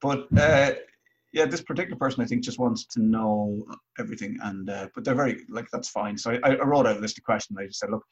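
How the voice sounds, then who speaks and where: Husky man, lo-fi call audio. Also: lowish voice, fast. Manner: joking, deadpan teasing. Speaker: podcast host. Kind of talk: casual chat over a video call. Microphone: video call.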